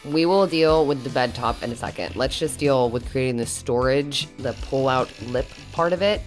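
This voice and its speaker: A woman's voice: very deep voice, moderate pace, few pauses, music in the background. A woman vlogging her DIY build to camera inside a small camper, talking in a candid, emotional and self-deprecating way. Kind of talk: casual vlog talking to camera.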